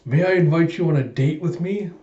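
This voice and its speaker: A man voicing a calculating spy father in a brisk, matter-of-fact way. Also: a little high, warm tone, echoey room, muffled recording, a little hiss or hum, pitched above the performer's own voice, close to an everyday voice. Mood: smooth.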